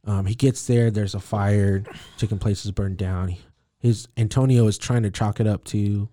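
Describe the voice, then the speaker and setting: A man's voice: fairly low pitch, steady tone, normal speed, warm tone, dry recording. A man co-hosting a podcast, casually recapping a comic book plot and acting out the characters' lines as he goes. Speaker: podcast co-host.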